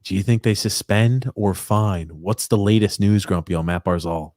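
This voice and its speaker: Man, podcast host, rambling, laid-back, low voice, dry sound. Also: normal speed, a little mellow, no room sound. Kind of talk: casual sports chat.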